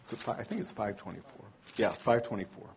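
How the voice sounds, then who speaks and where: A man's voice: on the low side, fast, a little hiss or hum. A man teaching a church training class in a conversational way, tossing in rhetorical asides and correcting himself aloud. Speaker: Bible teacher.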